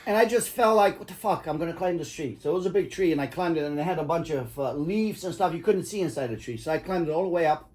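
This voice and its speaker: Profane, rambling storyteller dad, fairly high voice. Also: male voice, expressive, fast, a little mellow. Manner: rambling, profane, laughs at his own stories. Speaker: father telling stories to his kids. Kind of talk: casual storytelling.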